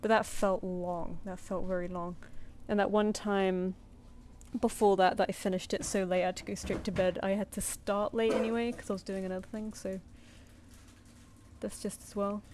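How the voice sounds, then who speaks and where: A woman's voice: mid-range voice, flat delivery, moderate pace, a little mellow, a little hiss or hum. A woman artist chatting casually on a live stream while she draws, muttering and counting under her breath.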